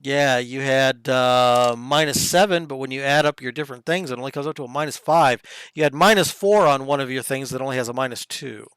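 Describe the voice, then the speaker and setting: A young man narrating and running a tabletop game as game master, casual with quick asides. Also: mid-range voice, a bit bright, clean tone, no echo.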